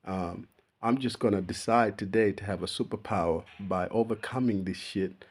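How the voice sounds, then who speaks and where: A man's voice: on the low side, moderate pace, slightly rough. A young man chatting casually to camera in a laid-back, slangy way, often calling the listener bro and laughing at himself. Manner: relaxed slangy talk, calls the listener bro; laughs at himself while telling stories. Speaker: vlogger. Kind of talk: casual personal chat to camera.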